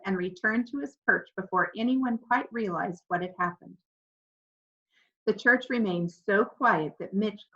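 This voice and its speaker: Woman reading a children's story. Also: mid-range voice. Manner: clear, expressive storytelling. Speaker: audiobook narrator. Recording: slightly dull lo-fi recording.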